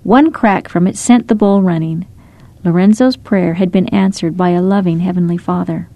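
A woman narrating short scripted stories in a gentle, measured storytelling manner. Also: fairly low pitch, fairly even intonation.

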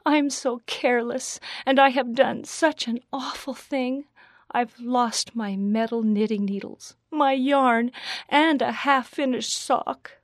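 A woman putting on an emotional young pioneer girl in a storybook reading, with a voice pitched well above her own and dry, close sound. Her voice rises high and pleading. The sound is close with no room around it. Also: slow pace, no echo. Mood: distressed.

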